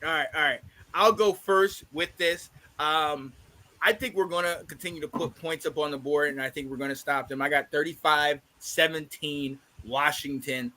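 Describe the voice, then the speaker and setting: A man's voice: a little high, moderate pace, sharp tone. A stuffed-up man hosting a casual football podcast, playful and hyped as he talks. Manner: hyped, playful, pep-talk delivery. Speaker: podcast host. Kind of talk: casual sports podcast chat.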